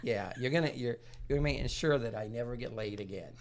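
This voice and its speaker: A man's voice: medium pitch, brisk. A man hosting a true crime history podcast in casual chat, joking and laughing often, with many fillers. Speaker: podcast host.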